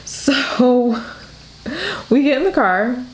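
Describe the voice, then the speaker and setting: A woman's voice: high voice, expressive, drawn-out words. A young woman from the Detroit area, chatting through a makeup tutorial while telling a story with lots of "like". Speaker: beauty vlogger. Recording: echoey room.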